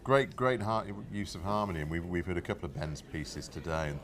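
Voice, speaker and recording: A man's voice: deep voice, expressive, a little fast. A man co-commentating in casual chat, agreeable and knowledgeable with a wry touch. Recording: crowd noise behind.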